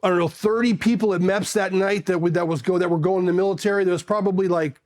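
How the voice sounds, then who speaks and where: A middle-aged Marine Corps veteran from California, casually telling stories and animatedly acting out the voices of the people in them. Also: male voice, high voice, fast talker. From South Pasadena, California. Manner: animated, acts out voices in his anecdotes and laughs often. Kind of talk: casual storytelling.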